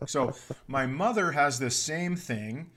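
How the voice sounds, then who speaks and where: Man, comedian, comedy podcast co-host, casual chat, bright forceful voice, playful riffing. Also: medium pitch, lively intonation, slow pace.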